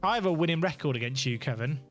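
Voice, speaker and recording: A man bantering quickly and teasingly with friends on a game stream. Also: a little high, animated, faint music behind. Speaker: co-player on stream. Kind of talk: casual banter.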